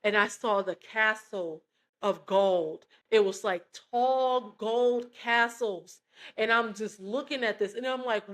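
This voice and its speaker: A woman's voice: fairly high pitch, takes it slowly. Earnest woman sharing a personal testimony. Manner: emotional, earnest, addresses listeners as "y'all". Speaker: christian testimony vlogger. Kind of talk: personal testimony, casual storytelling.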